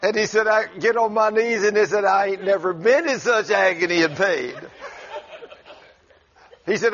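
Folksy preacher guy chuckling thru a story, kinda high voice, muffled lo-fi sound. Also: moderate pace, fairly bright tone. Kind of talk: storytelling in casual conversation. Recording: dull lo-fi recording.

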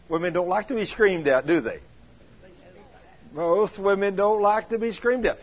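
A man pastor giving a folksy, story-filled sermon, animated and acting out the people he quotes, now and then breaking into a shout. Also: sits high, normal speed. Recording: dull lo-fi recording.

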